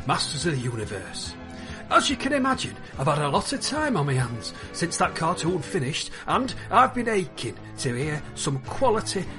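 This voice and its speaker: A man voicing a cheerful male plant-creature from an eighties cartoon, reading a spoof sponsor promo in a chummy, folksy way. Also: fairly high pitch.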